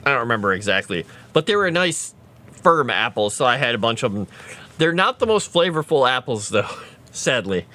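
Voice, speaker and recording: A man's voice: mid-range voice, big pitch swings, normal speed, bright, forceful tone. A man chatting casually on a livestream, rambling and answering viewers' chat. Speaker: streamer.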